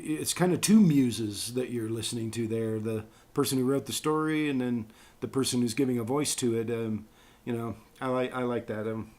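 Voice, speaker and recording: Male voice actor in a casual interview, medium pitch, rambling and chatty. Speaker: voice actor guest.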